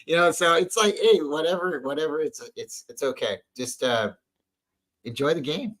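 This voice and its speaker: A man's voice: on the high side, normal speed, fairly bright tone, low-quality recording. A man co-hosting a casual sports fan show, telling rambling stories with many restarts. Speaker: podcast co-host.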